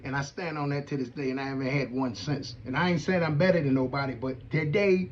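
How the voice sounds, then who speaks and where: A middle-aged man giving an animated, emphatic personal testimony to an audience in casual vernacular. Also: on the high side, brisk, dull audio, slight background noise. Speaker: veterans' advocate hosting a show.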